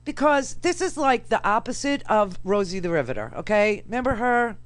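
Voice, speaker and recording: A woman's voice: mid-range voice, moderate pace, hardly any pauses, no echo. Brash sarcastic New woman radio host. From New York. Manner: brash, sarcastic, animated with frequent fillers. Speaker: radio talk show host. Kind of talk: political commentary monologue.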